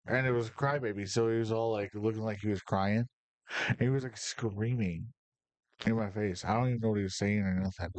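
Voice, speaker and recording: A man's voice: lowish voice, dry recording. Rambling, cussing man telling stories. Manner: rambling, profane, fired up. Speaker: podcast host. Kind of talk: casual storytelling.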